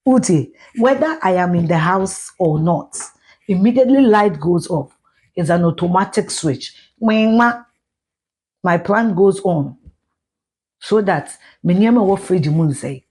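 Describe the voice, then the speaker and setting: A woman's voice: fairly low pitch, lively intonation, a little slow, warm tone, slightly rough. A middle-aged woman with a Ghanaian accent, ranting bluntly and profanely on a live stream, switching between Twi and English. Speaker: social media commentator.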